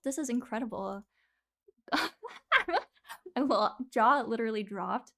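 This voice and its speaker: Gushing, high-voiced woman streamer. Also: normal speed. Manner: effusive, gushing, laughs often. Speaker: streamer reviewing listener music. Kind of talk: casual live-stream commentary.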